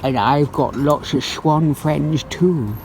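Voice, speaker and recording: A man voicing a vain swan mother with her babies in a slow, silly, sing-song way. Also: a little high, noisy background.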